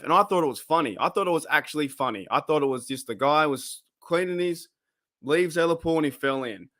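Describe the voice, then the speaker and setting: A man's voice: mid-range voice, fairly bright tone. A young Australian man hosting a casual fan podcast, chatty and slangy, laughing at himself as he talks into his camera. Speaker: podcast host. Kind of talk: casual chat. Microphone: webcam.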